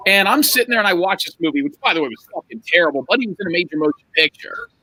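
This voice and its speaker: A man spinning rambling, profane stories on a podcast, his high, bright voice swinging wildly up and down. There is a husky grain to his tone, and the sound is close and dry. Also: very fast, no room sound, poor audio. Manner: animated, profane, rambling anecdotes. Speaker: podcast guest storyteller. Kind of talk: casual storytelling.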